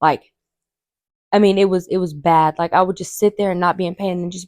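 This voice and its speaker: A woman, a podcast host telling a story casually and animatedly, acting out quotes in a high voice. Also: fairly even intonation, a little fast, a little mellow, no echo.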